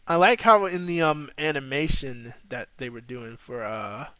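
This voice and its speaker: A man's voice: medium pitch, moderate pace, few pauses, bright, forceful tone, no room sound. A young man hosting a casual live stream, chatting loosely and rambling while he plays a game. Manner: laid-back, rambling, slangy. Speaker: streamer host.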